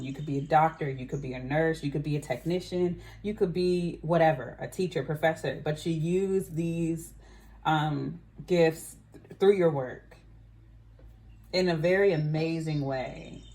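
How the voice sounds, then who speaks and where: A woman's voice: low voice, a little mellow. A woman giving a casual tarot reading to her viewers, musing aloud and often saying "I feel like". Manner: chatty, musing, frequent "I feel like". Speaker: tarot reader. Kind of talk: casual psychic reading to camera.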